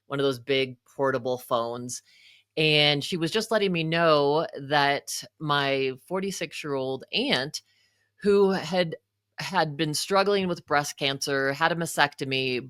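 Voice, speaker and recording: Woman w a low voice telling a heartfelt personal story, lots of "you know". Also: fairly bright tone, no room sound, studio quality. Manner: emotional, frequent "you know" asides. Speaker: guest, psychotherapist and author.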